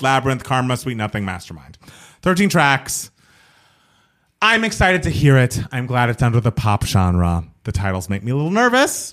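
A man co-hosting a casual pop-culture podcast, chatting with animated energy, laughing often and mimicking voices. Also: mid-range voice. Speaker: podcast co-host.

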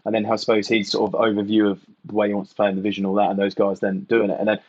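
A man from England with a low, husky voice answers questions in a relaxed, reflective way and leans on "you know" and "mate". The sound is dry and a little muffled, like a podcast recorded in a small, dampened room. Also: very fast, no echo. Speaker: podcast guest, retired rugby player. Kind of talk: casual podcast chat.

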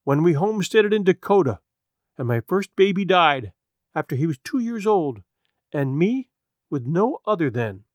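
A man reading aloud voices a timid sheriff's wife who speaks in a tight, measured, hushed way. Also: lowish voice, very animated, no room sound, studio quality. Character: timid, proper sheriff's wife, strained and nervous.

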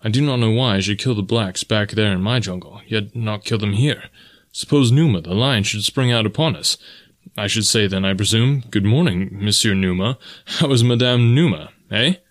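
A man voicing a blunt wild man raised in the jungle, speaking flat and plain. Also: on the low side, moderate pace, no room sound, studio quality, lightly acted. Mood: dry.

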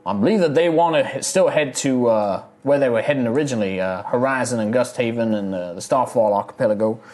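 A man's voice: mid-range voice, fast talker, darkish tone, natural voice. A man voicing a humble old male dwarf in a tabletop game, speaking in a put-on Texan drawl with hesitant restarts.

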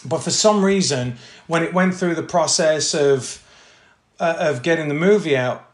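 Animated man telling a story. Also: fairly high pitch, normal speed. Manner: animated, acts out quotes, many fillers. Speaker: actor guest. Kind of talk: casual interview storytelling. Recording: echoey room.

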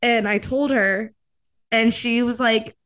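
A woman's voice: on the high side, steady tone, slow, a bit bright. A young woman co-hosting a podcast in casual chat, telling stories with lots of fillers and acting out quotes. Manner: chatty storyteller, acts out quotes, many fillers. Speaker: podcast co-host.

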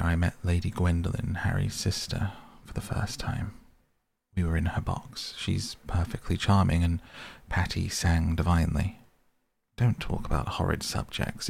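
Man doing vain languid young man, dismissive, husky, gravelly. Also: low voice, steady tone, normal speed, darkish tone, no echo, exaggerated voice.

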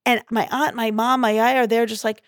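A young adult woman, a comedian guest, telling stories in animated, casual chat full of "like". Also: a little high, brisk, clear, resonant tone, no room sound, clean studio sound. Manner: animated, filler-heavy storytelling with lots of "like".

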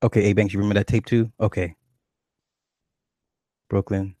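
Low dark-voiced man chatting casually. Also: level tone, moderate pace, no room sound. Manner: rambling, profane, reads chat aloud. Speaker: livestream host. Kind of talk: casual chat with viewers.

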